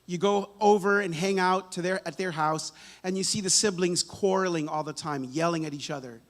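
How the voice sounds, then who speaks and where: Male preacher with a lightly high voice, chatty sermon delivery, frequent "right?" asides. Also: moderate pace. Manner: conversational, repeats words and asks "right?" often. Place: church sanctuary.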